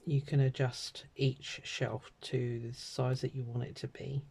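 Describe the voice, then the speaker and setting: A middle-aged British woman with a croaky throat, chatting and rambling casually while she stamps and colours a card. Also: rumbling low, flat delivery, a little slow, a little mellow. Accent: British English. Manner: chatty and rambling, many ums and asides. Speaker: craft vlogger.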